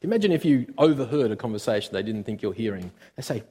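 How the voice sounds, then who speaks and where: A man's voice: lowish voice, fast talker, slightly rough. Preacher man in a long-echoing hall. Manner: expressive, with sudden swings between loud and quiet; often hesitates with "uh" and restarts. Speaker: pastor. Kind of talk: sermon.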